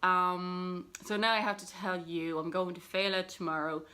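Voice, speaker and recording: Woman, book vlogger, low-ish voice, rambling chatty delivery, recorded on the camera mic at home. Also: little pitch movement, moderate pace, sharp tone. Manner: chatty and self-deprecating, rambling with many fillers. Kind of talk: casual chat to camera.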